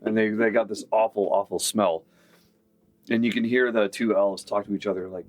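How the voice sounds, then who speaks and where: A man narrating as game master in a relaxed manner, with many fillers. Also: lowish voice, brisk, faint music behind.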